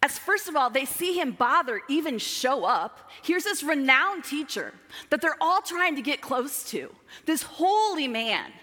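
A woman's voice: high voice, sing-song, unhurried. Woman preaching in a reverberant hall. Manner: dramatic, shifts between emphatic and hushed. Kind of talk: sermon.

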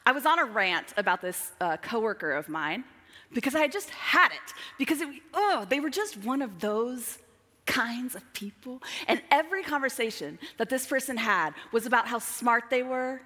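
A woman preaching a sermon, dramatic, moving between emphatic lines and hushed asides. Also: on the high side, animated, normal speed. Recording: long hall reverb.

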